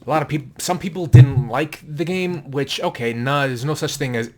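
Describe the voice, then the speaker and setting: Showing his book collection in a casual vlog at home, this man speaks at a moderate pace in a slightly mellow voice on the high side. He is offhand and a bit crude, rambling and correcting himself, with a distracting noise in the room behind him.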